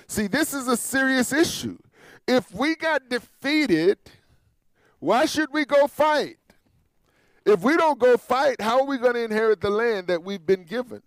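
A man's voice: very high-pitched, lively intonation, measured pace, no echo. A man teaching the Bible verse by verse, explaining in a conversational way and repeating his phrases.

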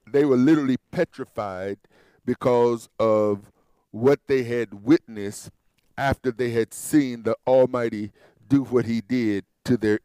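A man's voice: on the high side, darkish tone, dry recording. A man teaching the Bible verse by verse, explaining in a conversational way and repeating his phrases.

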